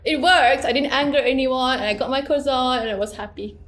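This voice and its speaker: A woman's voice: high-pitched, fairly quick, fairly bright tone, a little hiss or hum. A woman co-hosting a student podcast in playful casual chat, who sometimes stumbles over words. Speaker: podcast co-host.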